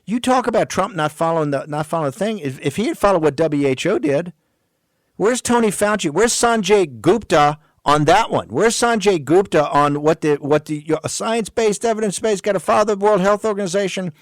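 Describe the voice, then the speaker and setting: A man's voice: high-pitched, expressive, fairly quick, no echo. Fiery ranting talk radio host, man. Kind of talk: political talk radio monologue.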